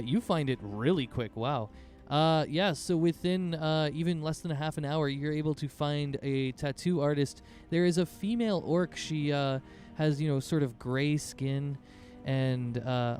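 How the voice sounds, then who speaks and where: A man's voice: fairly high pitch, normal speed, few pauses, darkish tone, faint music behind. A man narrating a tabletop game as game master in a loose, rambling way with many fillers.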